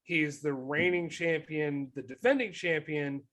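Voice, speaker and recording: A man's voice: a little high, a little slow, a bit bright. A man co-hosting a podcast, telling stories in a casual, profane way. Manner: profane storytelling. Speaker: podcast co-host. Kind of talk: casual chat.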